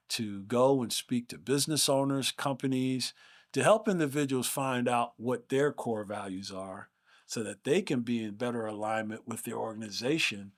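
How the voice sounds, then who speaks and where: Earnest man hosting a leadership podcast. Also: medium pitch. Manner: earnest, emphatic, rhetorical questions. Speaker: podcast host. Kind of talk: motivational podcast monologue.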